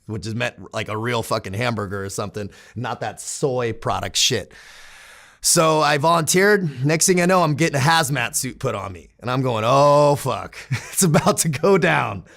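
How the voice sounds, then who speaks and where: A man's voice: medium pitch, fairly bright tone. A man from San Diego in his thirties, a guest telling candid, profane stories in casual conversation with frequent laughs. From San Diego, United States. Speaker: interview guest. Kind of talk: casual storytelling.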